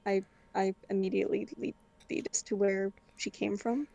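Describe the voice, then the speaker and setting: A woman's voice: mid-range voice, flat delivery, normal speed, creaky, mellow. A woman playing a tabletop game, chattily recounting her character's dream. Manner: chatty, lots of "I'm like" quoting. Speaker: player.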